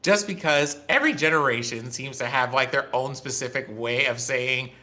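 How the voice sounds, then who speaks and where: Animated man in his forties, bright tone. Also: mid-range voice, moderate pace. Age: 40s. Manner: animated storyteller, playful teasing. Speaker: podcast co-host. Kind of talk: casual chat.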